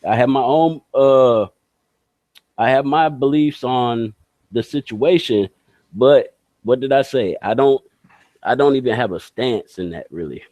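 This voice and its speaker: A man in a casual debate who talks in a halting way, repeating his words and defending his own views. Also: mid-range voice, a little mellow, no echo. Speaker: debate guest.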